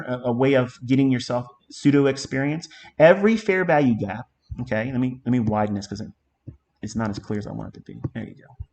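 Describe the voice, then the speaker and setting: Emphatic, profane male trading mentor. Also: medium pitch. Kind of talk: live trading lesson.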